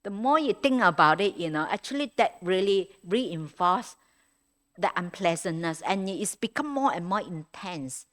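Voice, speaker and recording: Lively-voiced woman giving a Dharma talk. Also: lowish voice, normal speed. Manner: conversational, repeats words and restarts, frequent "you know"; non-native English grammar. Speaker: Dharma teacher. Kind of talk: Dharma talk at a meditation retreat.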